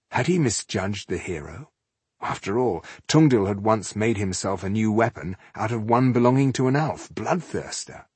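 A man narrating a fantasy novel in a steady, measured reading, with a husky voice. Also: on the low side, dry recording. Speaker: audiobook narrator.

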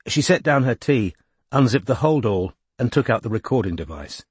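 A man narrating an audiobook in a measured, even reading. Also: mid-range voice, slightly rough, dry recording. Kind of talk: scripted narration.

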